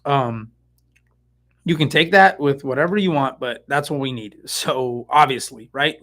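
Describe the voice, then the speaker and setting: Rambling, excitable middle-aged man. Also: medium pitch, measured pace. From San Francisco Bay Area. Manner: rambling and excitable, many fillers and asides. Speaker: real estate agent hosting a live stream. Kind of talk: casual live-stream monologue.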